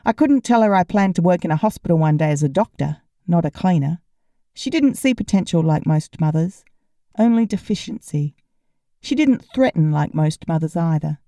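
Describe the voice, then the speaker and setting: Wry, mellow woman narrating a novel. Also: on the low side, moderate pace, dry recording, studio quality. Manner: wry, deadpan storytelling. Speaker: audiobook narrator. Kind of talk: first-person fiction narration.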